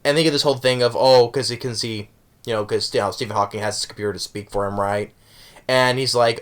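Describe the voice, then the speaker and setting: A man's voice: on the low side, normal speed, long pauses, a bit bright. A man casually reviewing a movie, rambling with many restarts and self-corrections, chuckling as he recounts the jokes.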